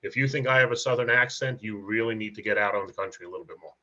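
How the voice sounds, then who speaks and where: A man's voice: lowish voice, fairly even intonation, very fast, sharp tone, lo-fi sound. A man cohosting a podcast, polite and lightly joking in casual banter.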